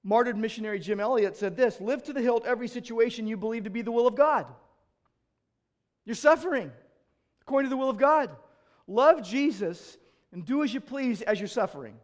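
A man with a high, bright-edged voice preaches a sermon. He swings between loud, urgent lines and soft, dropped passages. His stories come with acted-out exchanges. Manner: emphatic, swings between loud urging and quiet, low delivery. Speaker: pastor.

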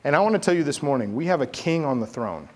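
Conversational male pastor telling a story. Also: fast talker. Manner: conversational, animated storytelling with rising pitch in quoted dialogue. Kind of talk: sermon with personal story.

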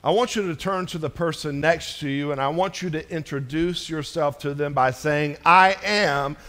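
Man, middle-aged, pastor, sermon, conversational, humorous, fairly high voice. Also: moderate pace, a bit bright. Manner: conversational and joking, addressing a congregation.

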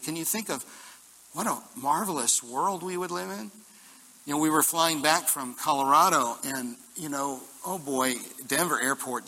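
Lively preaching man in a reverberant hall. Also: on the high side. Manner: lively, jokey preaching with congregation call-and-response. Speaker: pastor. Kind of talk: sermon. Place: church hall.

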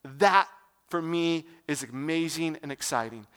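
High-voiced young man preaching casually. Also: unhurried, a bit bright, clean tone. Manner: conversational, asks the audience questions. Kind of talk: casual sermon.

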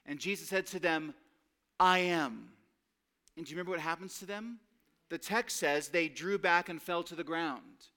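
A man delivering a sermon in a fairly high voice. He speaks earnestly and pushes up on the phrases he wants to land. He slows and drops lower when he reads scripture aloud. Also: pushed and bright. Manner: earnest preaching that rises on key phrases. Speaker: pastor.

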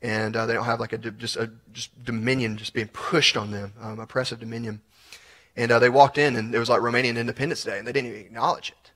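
A man's voice: mid-range voice, fairly even intonation, fast talker, a bit bright. A male community pastor, teaching in a casual, filler-heavy way and then leading prayer.

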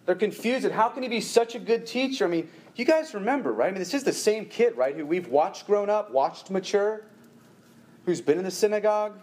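A man preaching a sermon to a congregation, animated, rising in pitch and force when he presses a point. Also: brisk. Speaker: pastor.

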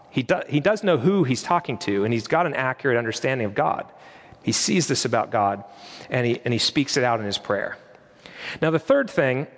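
Man preaching in a reverberant hall. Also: medium pitch. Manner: earnest, conversational preaching with quoted prayers. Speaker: pastor. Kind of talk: sermon.

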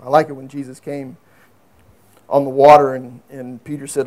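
A man preaching a sermon in an earnest way, swinging from emphatic raised passages to low, quiet asides. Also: level tone, normal speed, long pauses. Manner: earnest, rises to emphatic high peaks then drops low and quiet.

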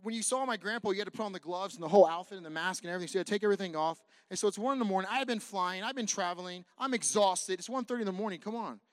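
A male pastor from California preaches in a high, quick voice, telling a story with lively swings between near-whispers and loud bursts. He jokes with the congregation as he goes. The recording is dry, with no room echo. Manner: animated, swings from hushed to loud. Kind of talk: sermon storytelling.

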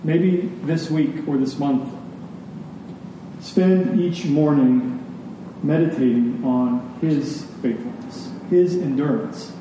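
A man's voice: fairly high pitch, slow pace, noisy background. A man preaching a sermon as a pastor, emphatic and rhythmic, leaning on key words. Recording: echoey hall, distant mic.

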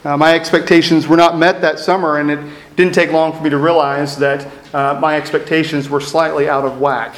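Pastor preaching in an echoey room. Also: male voice, on the high side, flat delivery, a little fast. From East Texas. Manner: reflective storytelling with self-deprecating humor. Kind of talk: sermon.

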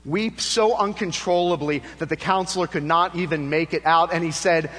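A male pastor preaching a sermon, shifting between lifted emphatic lines and hushed, low passages. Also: fairly quick, few pauses, long reverb tail.

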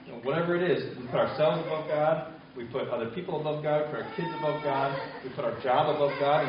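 A man preaching a sermon in a church, speaking conversationally and asking the congregation questions. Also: on the high side. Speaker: pastor. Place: church sanctuary. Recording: echoey hall from far off, dull sound.

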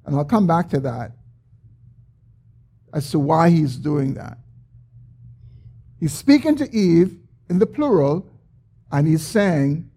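A man preaching a sermon, explaining a scripture passage with emphatic, drawn-out stresses. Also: on the high side, expressive, vocal fry, dark tone, husky. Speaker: pastor.

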